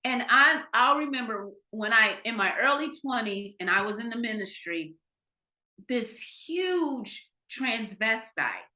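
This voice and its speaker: A woman from Ohio, a podcast guest, telling a candid personal story in an animated way, restarting sentences and acting out what people said. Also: a little high, measured pace. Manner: animated, acts out quoted dialogue, frequent restarts. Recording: roomy echo.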